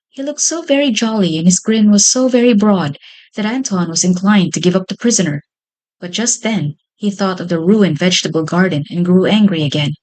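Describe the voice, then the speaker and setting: A woman's voice: fairly low pitch, a little mellow, poor audio. Woman reading a children's story.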